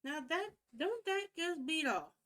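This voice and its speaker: A woman's voice: very high voice, sing-song, measured pace, noisy background, pitched above the performer's own voice, exaggerated voice. A woman voicing a folksy male cowboy police officer in a put-on drawl, reading game dialogue on stream. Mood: puzzled.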